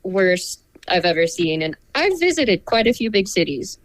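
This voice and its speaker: A woman's voice: fairly low pitch, big pitch swings, normal speed, poor audio. A young woman, a music student and songwriter, chatting casually and saying "like" a lot. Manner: laid-back, lots of "like". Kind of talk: casual chat.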